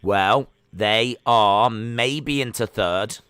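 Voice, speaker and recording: A man hosting a live sports watch-along, chatting excitedly with many fillers as he reacts. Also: lowish voice, very slow, clean tone, no echo, clean studio sound. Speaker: livestream host.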